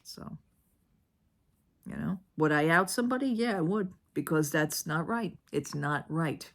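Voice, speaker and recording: A woman's voice: low-pitched, measured pace, vocal fry, fairly bright tone. A woman telling a story in a casual home vlog, indignant and retelling it with lots of "I says". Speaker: vlogger. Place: at home, living room.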